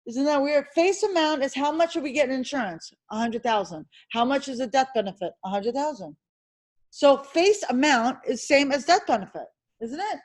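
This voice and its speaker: Brisk high-voiced woman instructor. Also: low-quality recording. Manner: brisk, quizzing the class with rapid questions; emphatic and animated. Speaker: insurance licensing instructor. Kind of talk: classroom review lecture.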